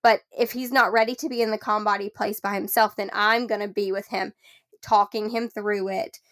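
A woman in her thirties, a mother co-hosting a parenting podcast, explaining calmly and slipping into soft, gentle phrases for a child. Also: medium pitch, normal speed. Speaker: podcast co-host. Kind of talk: casual parenting podcast chat.

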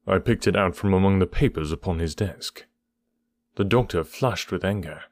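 A man narrating an audiobook chapter in a steady, even storytelling manner. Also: low voice, normal speed, no room sound, clean studio sound. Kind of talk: scripted narration.

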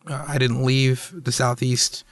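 A man's voice: medium pitch, little pitch movement, a little slow, no room sound, clean studio sound. A man hosting a casual interview, who talks in a rambling way with many restarts. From Atlanta, US South. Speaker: podcast host.

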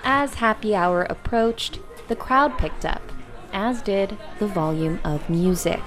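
A woman reporter narrates a scripted news story in a measured, even tone. Her pitch sits at a middle level. Music is clearly audible underneath her voice.

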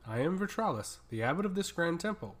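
A man voicing a tall, stoic woman abbot who speaks in a flat, emotionless monotone, in an audiobook reading. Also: on the high side, fairly quick. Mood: cold.

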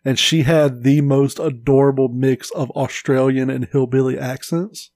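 A man's voice: medium pitch, steady tone, unhurried, darkish tone, dry recording. Young man, mid-range voice, podcast co-host, laid-back joking chat, casual swearing, dry close recording.

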